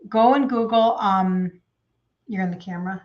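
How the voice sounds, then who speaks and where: A woman in her fifties, a health coach, chats casually on a live stream and reads out viewer comments, using lots of fillers. Her voice sits at a medium pitch and she speaks at a moderate pace. The audio has a lo-fi quality.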